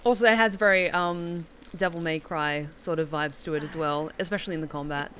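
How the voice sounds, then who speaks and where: A woman's voice: low voice, steady tone, brisk, a bit bright, a little hiss or hum. A woman streaming a video game, chatting casually, enthusiastic and profane. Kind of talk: casual live-stream commentary. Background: faint game music.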